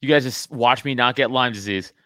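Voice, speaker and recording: A man's voice: mid-range voice, a little fast, no echo, studio quality. A man hosting a casual podcast chat, swearing a lot and restarting his sentences as he talks. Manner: profane, animated, frequent restarts. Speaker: podcast host.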